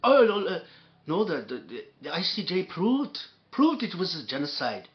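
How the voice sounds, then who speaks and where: Man, angry profane rant, sarcastic, insulting, stumbling restarts, higher voice. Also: very animated, normal speed, lo-fi sound. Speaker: commentator reacting to a clip.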